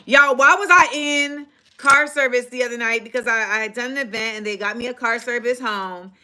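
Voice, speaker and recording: A woman hosting a live stream, chatting casually and telling a story in a sassy, animated way, acting out the dialogue. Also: fairly high pitch, moderate pace, slight background noise. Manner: animated, sassy, acts out quoted exchanges. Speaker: livestream host.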